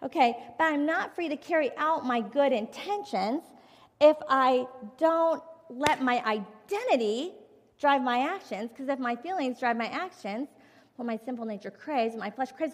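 Middle-aged woman preaching in a reverberant hall. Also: sits high. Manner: candid, emphatic, confessional. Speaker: conference speaker. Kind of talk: personal testimony sermon. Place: large conference hall.

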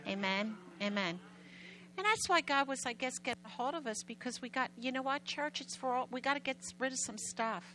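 Bright-voiced woman preaching emphatically. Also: sits high, a little fast, rough recording. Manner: animated, emphatic, loud storytelling. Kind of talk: sermon storytelling.

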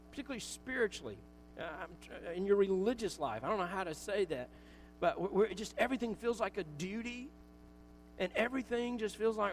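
A man's voice: high-pitched, a little hiss or hum, low-quality recording. A pastor preaching a casual, conversational sermon, joking at his own expense and acting out little asides. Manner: conversational, self-mocking, with acted asides.

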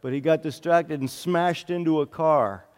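A man's voice: on the high side, moderate pace. A male pastor giving an earnest sermon, often repeating phrases for emphasis. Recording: long hall reverb.

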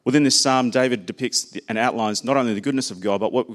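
A man's voice: medium pitch, fast. A man preaching a sermon, speaking personally and conversationally and sharing stories about his own children.

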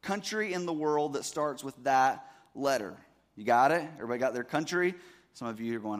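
A man in his thirties preaching to his congregation in an easy, conversational way. He keeps asking the room whether they are following along, with a voice of ordinary middle pitch. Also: lively intonation, a little fast. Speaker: pastor. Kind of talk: sermon.

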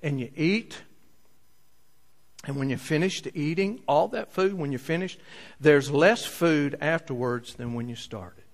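Animated preacher man in a reverberant hall. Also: on the high side, unhurried. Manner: animated storytelling, swings from loud to soft. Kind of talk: sermon.

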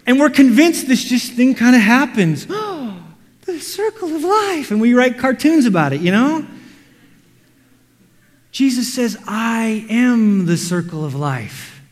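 A man preaching a sermon, animated, acting out quotes and everyday scenes. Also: very high voice, measured pace. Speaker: pastor. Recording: reverberant hall.

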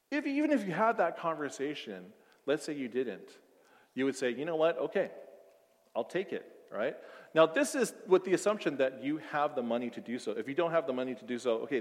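A man preaching a sermon, acting out everyday scenes, swinging from loud outbursts to soft emphasis. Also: mid-range voice, long reverb tail. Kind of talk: sermon with acted-out scenarios.

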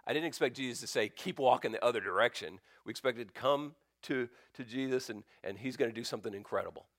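Man voicing hushed, unsure lepers. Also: medium pitch, fast talker, no echo, studio quality. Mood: puzzled. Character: group of hopeful lepers, men.

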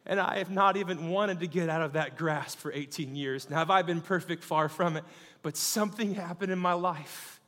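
With a high-sitting voice trailing long reverb, a thirtysomething man delivers a sermon. His call-and-response exchanges with the congregation climb into fervent shouting.

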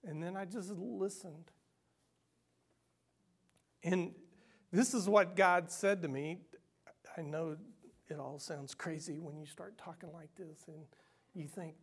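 A man preaching a sermon as pastor, earnest and personal, moving between loud emphasis and hushed, almost whispered passages. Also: high voice, measured pace, creaky, long pauses, slightly rough.

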